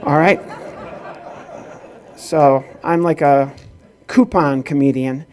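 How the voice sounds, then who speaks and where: A man's voice: on the high side, takes it slowly, darkish tone. A middle-aged man from the rural Midwest doing stand-up comedy at a corporate event, telling stories with acted-out dialogue. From rural Illinois, US Midwest.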